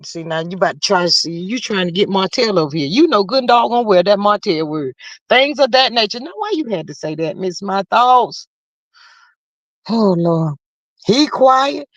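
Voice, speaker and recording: A woman's voice: medium pitch, expressive, normal speed, dry recording, highs cut off. A woman hosting a casual live stream, talking straight to her viewers and reading out the chat in a folksy, chatty way.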